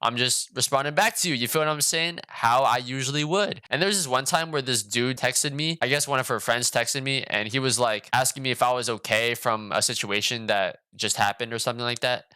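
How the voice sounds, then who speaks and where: A man vlogger telling a casual story with lots of slang and cursing, animated and quick to joke. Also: medium pitch, clean tone, dry recording. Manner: slangy, animated, swears often.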